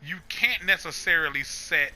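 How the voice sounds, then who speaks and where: A man's voice: fairly high pitch, lively intonation, normal speed, pushed and bright. A man hosting a gaming channel, telling a rambling story full of swearing and asides while he plays. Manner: profane, rambling, many restarts and asides.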